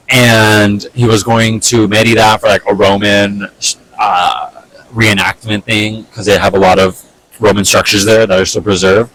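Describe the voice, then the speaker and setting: A young man casually telling a personal story on a vlog, animated and exasperated, with lots of fillers and swearing. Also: fairly low pitch, poor audio. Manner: animated, fed-up retelling full of fillers and swearing.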